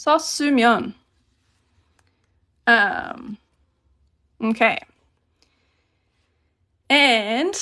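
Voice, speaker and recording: A woman teaching a relaxed, chatty live grammar lesson and reading out questions from chat as she writes on paper at her desk. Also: fairly high pitch, a little slow, pauses often. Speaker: Korean language teacher.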